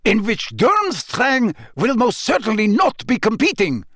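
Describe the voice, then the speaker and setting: An oily, haughty wizard headmaster, played by a man with a lifted pitch and a loud, pushing delivery. He drawls his words with scorn, smooth on the surface but sharp underneath. Dry, close storybook sound. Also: big pitch swings, measured pace, no room sound, full character voice. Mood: angry. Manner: oily, disdainful, then angry. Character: unctuous, proud foreign headmaster, man.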